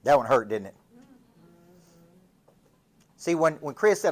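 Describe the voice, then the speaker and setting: This Tennessee man speaks in a mid-range, animated voice at a moderate pace, leaving long pauses. He's giving a Southern-accented motivational business coaching talk, driven by punchy stories and rhetorical questions.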